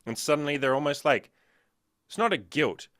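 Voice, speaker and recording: A man chatting casually on a podcast as a business coach, swearing a lot and telling animated stories. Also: fairly high pitch, moderate pace, dry recording, clean studio sound. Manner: profane, animated storytelling.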